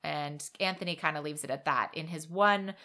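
A woman's voice: sits low, normal speed, bright, forceful tone. A woman co-hosting a casual book discussion podcast, recapping the plot and weighing in thoughtfully, sometimes hesitating. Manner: thoughtful, hesitant, with restarts when giving opinions. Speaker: podcast co-host.

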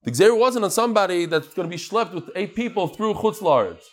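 A man teaching a live Talmud class, lively and chatty, teasing his audience. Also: high voice, brisk, faint music behind.

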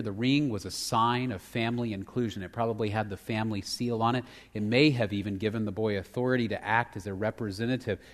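Man preaching in a reverberant church. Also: on the low side. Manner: emphatic, rising to loud fervor in passages; drops to a near whisper for tender lines. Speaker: pastor. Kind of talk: sermon. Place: church sanctuary. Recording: long hall reverb.

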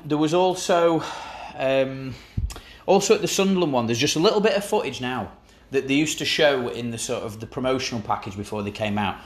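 A man hosts a relaxed chat about football and teases his co-host in a dry way. His voice sits at an ordinary middle pitch. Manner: dry teasing banter. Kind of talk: casual chat.

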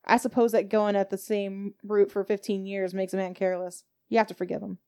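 A woman's voice: medium pitch, flat delivery, brisk, mellow, natural voice. Woman voicing a chatty village landlady. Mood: homely. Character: kindly village landlady, homely and talkative.

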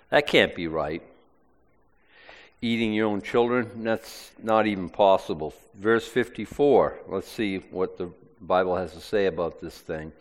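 A man's voice: low voice, moderate pace, big-room sound. A male preacher reading aloud from the Bible and commenting on it in plain, conversational asides during a sermon.

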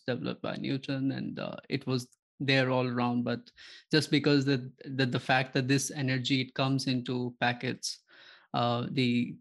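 A man's voice: mid-range voice, creaky. A man hosting a podcast and interviewing a guest, talking hesitantly with many fillers. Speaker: podcast host.

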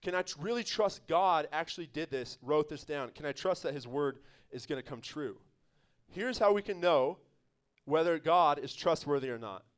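A pastor with a notably high-pitched voice delivers a sermon at an evening service. His preaching is emphatic and conversational, mixing earnest points with laughing asides to the people in front of him. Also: expressive, normal speed, clean tone.

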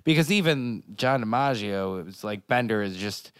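A man's voice: lowish voice, expressive, moderate pace, a bit bright, clean tone, dry recording, clean studio sound. A man co-hosting a podcast in casual chat, rambling with many filler words. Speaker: podcast co-host.

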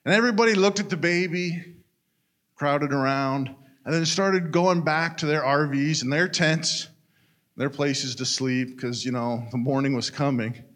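A man's voice: a little high, unhurried, a bit bright. A man telling a story in a folksy, conversational way, talking straight to his listeners. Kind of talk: storytelling in a casual retelling.

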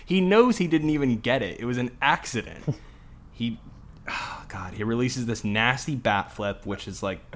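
A man's voice: medium pitch, animated, normal speed, slight background noise. A young adult man co-hosting a casual sports podcast, ranting heatedly and sarcastically, with a lot of swearing. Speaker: podcast co-host.

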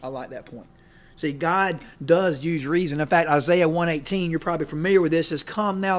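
Guy preaching, kinda high voice, rambly and folksy, keeps asking "right?". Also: moderate pace. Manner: folksy, rambling, checks in with listeners. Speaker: preacher and coach. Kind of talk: casual sermon.

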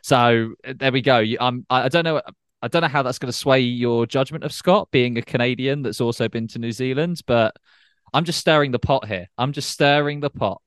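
A man's voice: mid-range voice, a little fast, clean tone, no room sound, clean studio sound. A man hosting a casual podcast, teasing and joking with a guest. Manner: teasing, playful banter. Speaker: podcast host.

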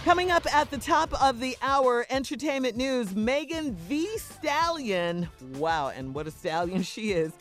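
A radio show host announcing what is coming up, lively and teasing. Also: medium pitch, moderate pace, few pauses, faint music behind.

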